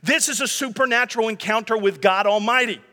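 A man in his thirties preaches in an easy, conversational way, with humor and asides to his listeners. His voice sits high and sounds bright and forward. A long hall reverb trails after his words. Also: fairly quick. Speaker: pastor. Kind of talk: sermon.

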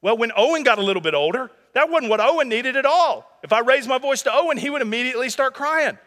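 A man in his thirties preaches in an easy, conversational way, with humor and asides to his listeners. His voice sits high and sounds bright and forward. A long hall reverb trails after his words. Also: expressive, quick pace. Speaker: pastor. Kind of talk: sermon.

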